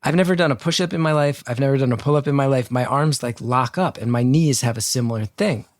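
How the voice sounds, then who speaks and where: A man from North Jersey tells a story in an animated, self-deprecating way, with plenty of profanity. His voice sits at an everyday male pitch. The video-call sound is close and dry, with no room around it. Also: fast talker, dry recording. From North Jersey, United States. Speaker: guest storyteller. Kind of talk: casual anecdote told on a video call.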